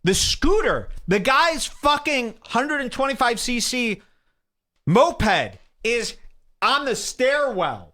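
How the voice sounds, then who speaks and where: A man hosting a talk show, telling a wild story in an excitable, profane way and acting out the quotes. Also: slow pace. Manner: excitable, profane, acts out quotes with big pitch jumps. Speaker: podcast host. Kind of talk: animated storytelling.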